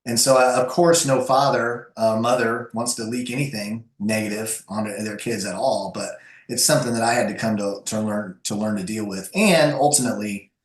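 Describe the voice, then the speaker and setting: A man speaking as an interview guest, telling personal stories in an animated, conversational way with frequent restarts. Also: lowish voice, moderate pace. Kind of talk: conversational storytelling. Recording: echoey room.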